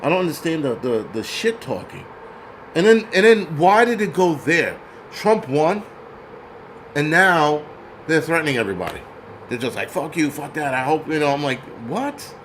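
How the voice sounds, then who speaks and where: Man, angry ranting commentary, mocking and profane, fairly high pitch, faint hiss behind. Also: sing-song, normal speed, fairly bright tone, low-quality recording. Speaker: host.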